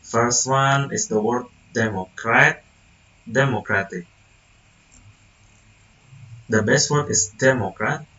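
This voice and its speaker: A young man, a student whose first language is Indonesian, reading a class presentation haltingly, with restarts and self-corrections. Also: mid-range voice, pushed and bright, far from the mic, dull audio. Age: young adult.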